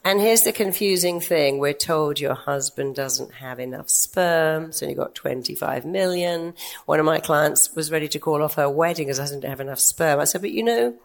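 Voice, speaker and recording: An older woman therapist giving a lively talk to an audience, telling stories about her clients. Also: low voice, normal speed, creaky. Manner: lively storytelling with quoted clients. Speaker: therapist and speaker.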